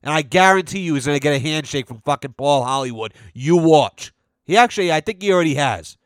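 A man's voice: fairly high pitch, expressive, a little fast, clear, resonant tone, no echo. An American man hosting a podcast alone, rambling in a loose, profane, jokey way and sounding tired. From United States. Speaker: podcast host. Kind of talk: casual solo podcast rant.

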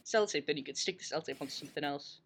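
An English woman co-hosts a relaxed podcast chat with a somewhat low voice. She talks in an animated way. She jokes often at her own expense. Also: very fast, breathy edge. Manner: joking, self-mocking, animated. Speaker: podcast co-host. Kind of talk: casual chat.

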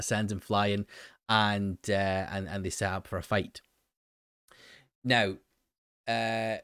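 Rambling man with a low voice. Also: a bit bright, no room sound, studio quality. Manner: rambling, many fillers and restarts. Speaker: show host recapping an episode. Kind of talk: casual commentary.

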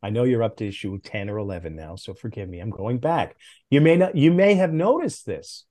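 A middle-aged man who used to edit comics appears as a podcast guest, telling animated anecdotes in a lively, casual way. He speaks briskly, with big swings and jumps in pitch.

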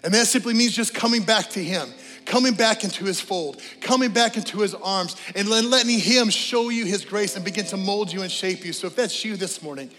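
A man preaching a sermon as pastor, telling lively stories and then leading a quiet prayer and altar call in a church. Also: sits high, a little fast, in a large hall. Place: church sanctuary.

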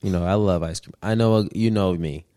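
A podcast guest, a man with a lowish voice, tells stories in relaxed, slangy chat and laughs often. The recording is dry and close, with no room sound. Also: normal speed, clean tone, no echo. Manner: laid-back storytelling, laughing often, slangy. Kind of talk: casual chat.

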